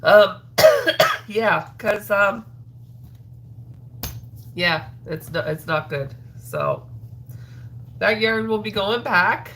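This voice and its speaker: A woman's voice: mid-range voice, drawn-out words, long pauses, fairly bright tone, a little hiss or hum. A woman with a stuffed-up nose, hosting a crochet livestream in a rambling, chatty way full of ums. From Atlantic Canada. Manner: rambling, chatty, with frequent ums and trailing sos. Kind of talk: casual livestream chat while crocheting.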